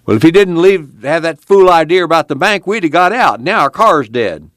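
A man's voice: fairly low pitch, fairly even intonation, normal speed, no echo, clean studio sound, close to an everyday voice. A man voicing an angry, belligerent grown farmer in an audiobook reading. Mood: furious. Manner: shouting, belligerent.

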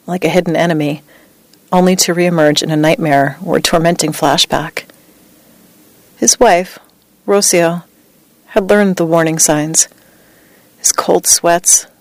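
A narrator reading a true story aloud in a measured, steady scripted style. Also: medium pitch, no echo.

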